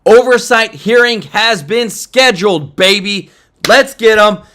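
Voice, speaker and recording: A man's voice: sits high, measured pace, sharp tone, slight background noise. A young man hosting political reaction commentary, fired up and talking straight to his viewers.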